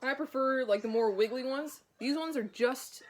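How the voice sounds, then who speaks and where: A woman's voice: high-pitched, normal speed. A woman vlogging a mukbang, talking casually and crudely with food in her mouth and swearing often. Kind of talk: casual eating vlog chat.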